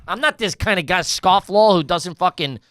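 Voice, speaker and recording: A man's voice: high voice, normal speed, fairly bright tone, no room sound, studio quality. A man co-hosting a comedy podcast, ranting in exasperated casual banter with lots of swearing. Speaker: podcast co-host.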